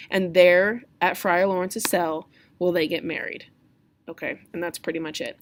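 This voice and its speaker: A woman teacher explaining the scenes of a play to students in a casual, chatty way, with quick asides. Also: fairly low pitch.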